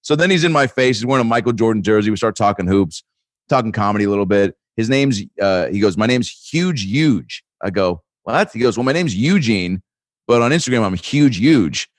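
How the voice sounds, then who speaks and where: A man's voice: lowish voice, lively intonation, fast talker, no echo, clean studio sound. A man on a comedy podcast telling a long rambling story with lots of fillers and restarts, often breaking into laughter. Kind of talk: casual chat, storytelling.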